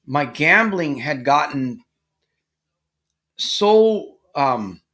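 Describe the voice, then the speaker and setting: A middle-aged man speaks to a live audience as a coach, his voice pitched a little high and sharply bright. He tells stories in an animated way and acts out the characters in them. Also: very slow. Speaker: problem gambling coach. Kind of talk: live-stream motivational talk.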